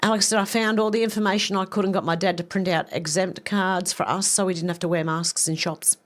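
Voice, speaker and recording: A woman hosting a live stream, reading viewer comments aloud and reacting with quick asides. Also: lowish voice, fairly even intonation.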